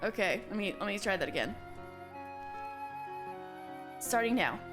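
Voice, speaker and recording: A woman's voice: mid-range voice, lively intonation, unhurried, over music. A young adult woman streamer chatting casually and playfully between game lines. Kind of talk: casual live-stream chat.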